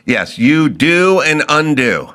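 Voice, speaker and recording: Podcast host guy from california, riffs on silly bits, voice sits a bit high and swoops all over. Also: very animated, slow pace, sharp tone. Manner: riffing, building absurd bits with punchlines. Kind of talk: casual comedic chat.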